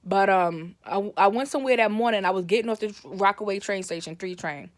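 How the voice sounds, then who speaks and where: A woman's voice: mid-range voice, brisk, no room sound, clean studio sound. A woman telling a personal story in a casual, rambling way, often correcting herself and livening up when she quotes her family. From Brooklyn, New York.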